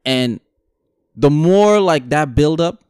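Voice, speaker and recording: Animated young man telling a story. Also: a little high, takes it slowly, clear, resonant tone, no echo, clean studio sound. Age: 20s. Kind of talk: casual group chat.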